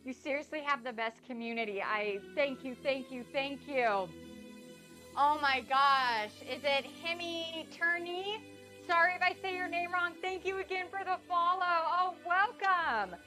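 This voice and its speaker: A woman with a high, bright voice chats her way through a live baking stream from her home kitchen. She is bubbly and effusive, piling on thanks and welcomes, with faint music playing behind her. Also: measured pace. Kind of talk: casual live-stream chat while cooking.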